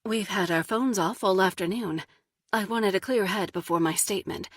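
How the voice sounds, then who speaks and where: A woman voicing another woman who speaks gently and soothingly as she comforts her husband. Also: medium pitch, normal speed, slightly rough, dry recording, studio quality, lightly acted. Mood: tender.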